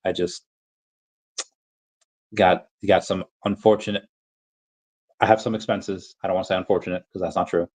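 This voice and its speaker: A man with a somewhat low voice hosts a casual livestream and talks through viewers' questions. He rambles, corrects himself mid-sentence and drops into playful put-on voices when he reads out chat. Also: little pitch movement, moderate pace, pauses often, a little mellow. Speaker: livestream host answering chat.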